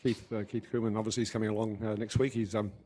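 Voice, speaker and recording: A man's voice: lowish voice, level tone, fast, warm tone. A man from New Zealand with a mixed New Zealand and English accent, chatting casually on a podcast and laughing easily.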